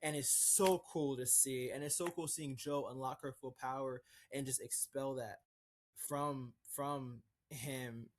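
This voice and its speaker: A man's voice: mid-range voice, steady tone, a little slow, slight background noise. A man co-hosting a comics podcast in casual chat, enthusiastic and rambling, with frequent fillers and restarts. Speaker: podcast co-host.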